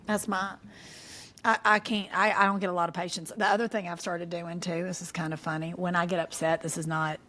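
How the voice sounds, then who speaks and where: A middle-aged woman, co-hosting a casual podcast chat, telling animated stories and laughing often. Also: lowish voice, brisk. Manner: animated storyteller, laughs often, folksy southern phrasing. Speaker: podcast co-host.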